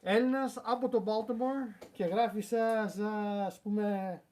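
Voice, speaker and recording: A man called over to read a viewer comment aloud, reading slowly and then adding casual remarks, from away from the microphone. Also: sits high, steady tone, a little mellow. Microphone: off-mic, away from the microphone.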